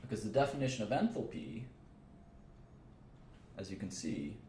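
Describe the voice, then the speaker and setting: A man with a very low voice works through a chemistry lecture, thinking aloud and repeating himself as he goes. The sound is roomy and echoey, with a faint hiss of noise behind him. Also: big pitch swings, normal speed, warm tone. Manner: thinks aloud, repeats phrases, casual asides. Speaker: chemistry teacher. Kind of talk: informal livestream lecture.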